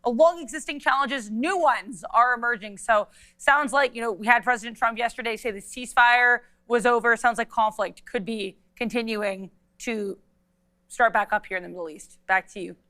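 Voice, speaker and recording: A woman delivering a crisp market news update. Her voice is bright, smooth and a bit higher than most. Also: moderate pace. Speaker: news reporter.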